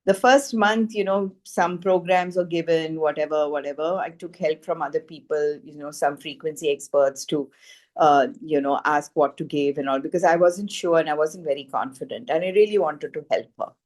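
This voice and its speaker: Woman, slightly low voice, earnest animated testimonial, lots of "you know". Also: normal speed. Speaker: frequency healing practitioner. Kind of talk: personal testimonial storytelling.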